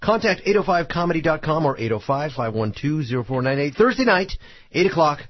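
A man's voice: a little high, very animated, fairly quick, no room sound. Playful joking man in his forties. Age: 40s. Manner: playful, jokey, slips into silly voices. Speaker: comedian guest. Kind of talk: joking talk radio banter. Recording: slightly muffled radio studio audio.

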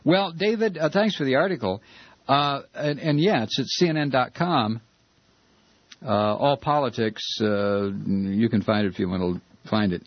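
A man's voice: medium pitch, moderate pace, dry recording, highs cut off. An American man hosting a political call-in radio show, talking in a heated, sarcastic way with lots of fillers. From United States. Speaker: radio talk show host. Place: Georgia, United States.

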